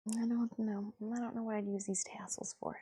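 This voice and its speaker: A woman's voice: medium pitch, flat delivery, fairly quick, mellow, husky. A woman hosting a casual live stream, rambling and chatty as she sorts craft supplies, with self-mocking asides. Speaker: livestream host.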